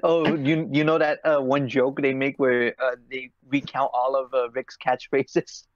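A man co-hosts a casual chat, dry and sarcastic. His voice is mid-pitched, and the recording is muffled and lo-fi. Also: level tone, measured pace, no echo. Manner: sarcastic, wry. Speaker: podcast co-host. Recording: dull lo-fi sound.

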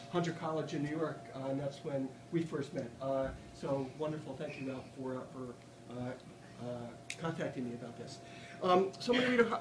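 A man giving a live poetry reading in a bookstore, with chatty, halting asides between poems read in a dry, deadpan way. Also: a little high, a little hiss or hum. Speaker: poet reading his work. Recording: roomy audience recording from far off. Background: audience laughter.

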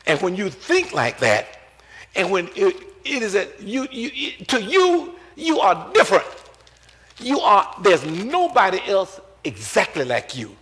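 A bishop in his seventies preaching a sermon, quizzing the congregation with repeated questions and swinging between quiet asides and loud emphatic lines. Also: sits high, huge pitch swings, a little slow. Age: 70s. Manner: call-and-response questioning, emphatic repetition.

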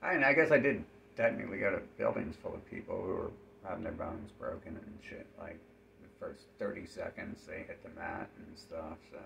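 A man's voice: sits low, brisk, vocal fry, background noise. A man speaking in a rambling, profane, run-on monologue.

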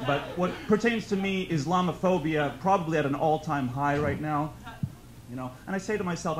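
A young man from New York performing a stand-up comedy set in a club, telling stories casually and breaking into loud shouted bursts. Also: a little high, noisy background. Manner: conversational storytelling, bursts into loud shouted outbursts.

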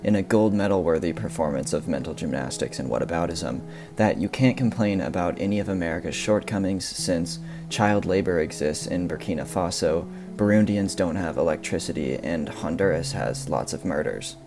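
A man's voice: sits low, moderate pace, over music. A man narrating a video essay, reading scripted commentary in a sardonic, critical manner.

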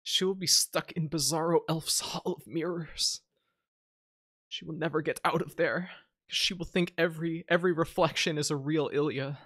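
A man's voice: on the high side, fairly even intonation, moderate pace, a bit bright, no echo, clean studio sound. A man streaming a game live, chatting casually with viewers, teasing them and reading menus aloud.

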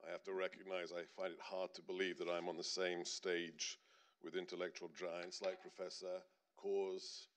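A man's voice: deep voice, monotone, normal speed. A middle-aged man telling a personal story on stage at a panel, earnest and building to emphatic points. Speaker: panelist speaker.

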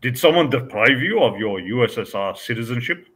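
Man doing a Russian accent, defiant male blogger, insistent, bright husky voice. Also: mid-range voice, animated, a little fast.

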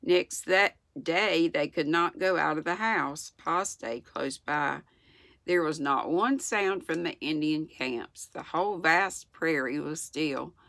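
A woman in her sixties with a Southern US accent, reading a children's book aloud in a gentle, unhurried way with small slips. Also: sits low, creaky, dry recording, studio quality. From United States. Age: 60s. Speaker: channel host reading aloud. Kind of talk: storybook read-aloud.

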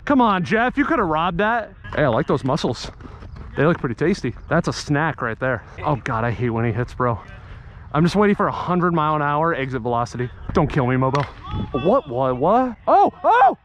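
A man vlogging from an outdoor softball field, joking with teammates and yelling at big plays. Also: fairly high pitch, sing-song, a little fast. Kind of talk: excited play-by-play banter.

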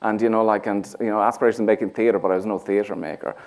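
This is a playwright guest with a Dublin Irish accent, chatting onstage in front of a theatre crowd. His lowish voice is steady, fast and a little mellow, and he wanders through self-deprecating talk packed with fillers.

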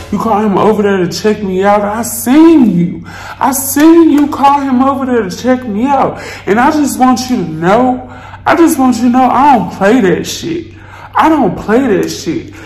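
A woman's voice: medium pitch, steady tone, slow pace, mellow, roomy sound, natural voice, poor audio. A woman voicing an angry, hostile man who keeps repeating his accusations and threats with heavy profanity. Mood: threatening.

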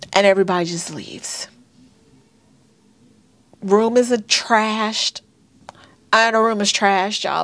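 A woman in her thirties tells her own painful story to her viewers, halting and emotional, calling them y'all. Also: mid-range voice, fairly bright tone, no echo. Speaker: vlogger sharing a birth story. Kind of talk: personal storytelling to camera.

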